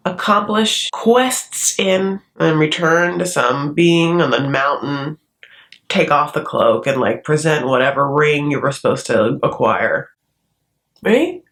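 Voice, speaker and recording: Female recap host from the States, sarcastic casual delivery, slightly low pitch. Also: a bit bright. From United States. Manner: sarcastic, chatty, does mocking voices for the cast. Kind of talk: casual commentary.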